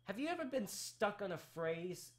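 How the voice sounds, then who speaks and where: A man hosts a casual live talk show at a moderate pace in a high-sitting voice. Excitable and rambling, his voice cracks and breaks into sudden shouts.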